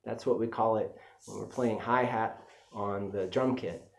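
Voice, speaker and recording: A man's voice: on the low side, steady tone, a little slow, creaky. A man giving a casual music lesson, chatty and easygoing, with frequent fillers as he explains technique. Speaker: music teacher. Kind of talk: casual instructional talk.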